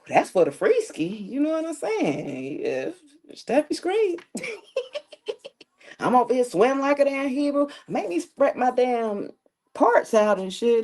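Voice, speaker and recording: A woman's voice: fairly high pitch, darkish tone. A woman reading tarot on a live stream, chatting casually and joking with slang and profanity, often laughing as she talks.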